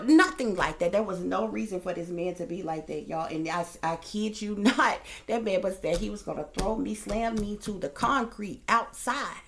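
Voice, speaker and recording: A woman's voice: medium pitch, a bit bright, a little hiss or hum. A woman host telling a story to her viewers in a casual, heated rant, profane and emphatic. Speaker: psychic reader and channel host.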